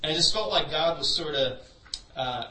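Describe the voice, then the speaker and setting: This pastor's voice is on the high side, bright and forceful, at a moderate pace. He preaches through a personal story in a loose, conversational style peppered with "you know," recorded from a distance in an echoey room.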